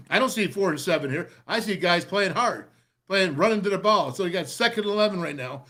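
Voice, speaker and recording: Middle-aged guy with a highish voice hyped up going over game tape, kinda rambly. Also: a little fast. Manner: excitable, rambling, pumped up. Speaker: radio show host breaking down game film. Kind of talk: film breakdown commentary.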